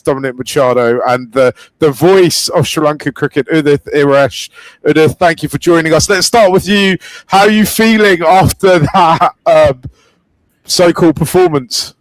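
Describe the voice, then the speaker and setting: Guy hosting a cricket stream, kinda high voice, jokey, dry close sound. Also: dry recording, poor audio. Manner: upbeat, joking, reads viewer comments. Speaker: host. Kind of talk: live cricket reaction stream.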